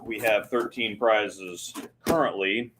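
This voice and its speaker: A man with a somewhat low voice co-hosts a livestream in loose, casual chat. He rambles easily and leans on fillers as he talks. A faint hiss sits under the recording. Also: slow pace. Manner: relaxed, rambling, filler-heavy. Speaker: co-host of a fundraiser livestream.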